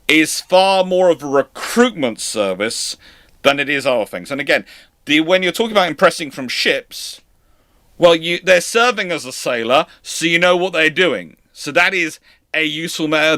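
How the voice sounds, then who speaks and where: A man's voice: on the high side, pushed and bright, no room sound, clean studio sound. A man hosting a live-stream history lecture, explaining in a conversational, digressive way. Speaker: host.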